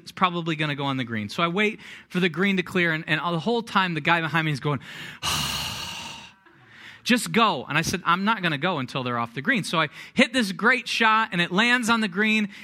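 Animated, bright-voiced male preacher. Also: sits high. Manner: animated storyteller, self-deprecating humor. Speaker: pastor. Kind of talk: sermon with personal story.

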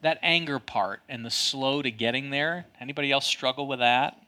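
A man preaching a sermon, telling a personal story with a loud, booming voice. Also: normal speed. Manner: storytelling, dramatic, self-mocking. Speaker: pastor.

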